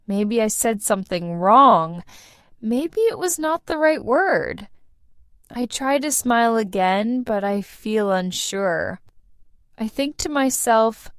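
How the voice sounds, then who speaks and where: Slow, deliberate woman narrating a story. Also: medium pitch, lively intonation, clear, resonant tone, dry recording, studio quality. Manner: slow, deliberate reading aloud. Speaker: English teacher narrator. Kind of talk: scripted first-person story narration for learners.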